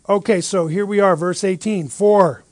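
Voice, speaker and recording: A man teaching a Bible study, lively and full of rhetorical questions, often checking in with "right?". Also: high voice, moderate pace, no echo.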